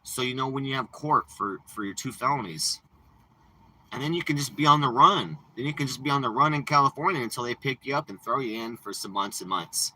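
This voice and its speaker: A man's voice: mid-range voice, sharp tone, slight background noise, rough recording. A man ranting and boasting in casual, profane, rambling livestream chat from inside a parked RV, talking into a phone. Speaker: live streamer.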